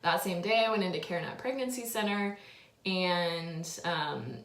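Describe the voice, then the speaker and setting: A woman's voice: on the low side, normal speed, fairly bright tone. A young woman in her twenties telling a personal story, tearful and overwhelmed, full of filler words. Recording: echoey room.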